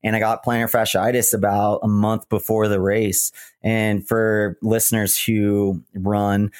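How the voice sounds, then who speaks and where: A man's voice: on the low side, level tone, unhurried, darkish tone, no echo, studio quality. A man in his thirties, a retired runner telling earnest, reflective stories in a podcast interview. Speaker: guest, retired marathon runner.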